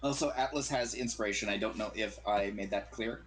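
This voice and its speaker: A man running a tabletop game as game master, relaxed and rambling, often correcting himself mid-sentence. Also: on the low side, brisk, low-quality recording.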